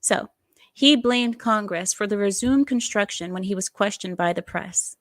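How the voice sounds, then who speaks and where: A woman's voice: mid-range voice, normal speed, no echo. Sarcastic woman doing casual news commentary. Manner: sarcastic, digressive, laughs at herself. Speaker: online commentary host.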